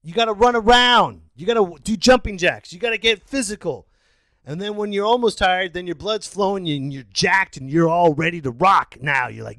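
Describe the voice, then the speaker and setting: A middle-aged man rants on his podcast in a high, wildly swinging voice. He sounds incredulous and breaks into shouts now and then. The sound is dry and close. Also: normal speed, dry recording. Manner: incredulous, animated ranting with shouted outbursts. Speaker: podcast host. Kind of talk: ranting monologue.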